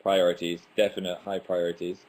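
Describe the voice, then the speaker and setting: A man's voice: low-pitched, flat delivery, brisk, darkish tone. A young man hosting a casual livestream, chatting and reading out viewer comments, self-mocking and tripping over his words now and then. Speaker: livestream host. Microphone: webcam.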